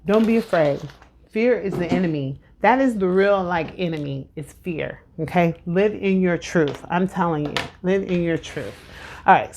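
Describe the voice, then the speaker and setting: A woman's voice: fairly low pitch, darkish tone, a little hiss or hum. A woman tarot reader talking casually and encouragingly to camera at home, with lots of fillers. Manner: chatty and encouraging, many fillers. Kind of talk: casual spiritual tarot vlog. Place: at home with incense burning.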